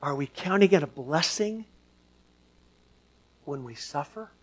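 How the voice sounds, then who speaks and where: Slow, high-voiced preaching man. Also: animated. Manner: call-and-response with congregation, swings from hushed to loud. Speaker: pastor. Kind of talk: sermon. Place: church.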